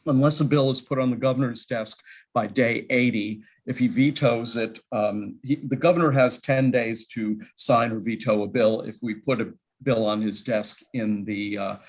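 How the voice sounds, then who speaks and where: A man chairs a committee hearing with loose, rambling remarks. He often stops to correct himself. His voice sits at a middling pitch and comes through a video call. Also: fairly even intonation, normal speed, low-quality recording. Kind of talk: opening remarks at a legislative hearing.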